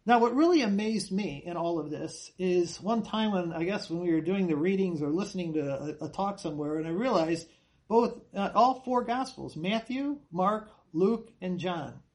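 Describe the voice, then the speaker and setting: A man's voice: high voice, normal speed, darkish tone. A man giving a Bible class, reading scripture aloud and stressing key phrases with earnest repetition. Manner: reads scripture aloud with emphatic, rising voice on quoted cries; earnest, repeats phrases for emphasis.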